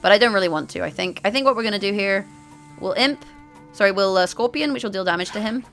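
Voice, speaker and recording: A woman's voice: mid-range voice, fast talker, a bit bright, soft background music. A woman hosting a card game video, chatting to her viewers about strategy as she plays and often correcting herself mid-sentence. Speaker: gaming video host. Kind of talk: card game play-through commentary.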